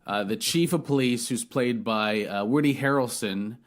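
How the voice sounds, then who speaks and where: A man's voice: mid-range voice, normal speed. A man hosting a podcast, reviewing a film in casual chat, rambling and swearing with many restarts. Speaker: podcast host.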